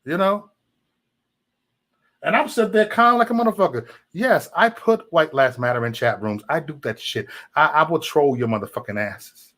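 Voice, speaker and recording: Streamer, male, heated and profane, repeats himself, animated pitch; chatting to his audience. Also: moderate pace. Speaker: livestream host. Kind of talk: casual livestream rant to chat.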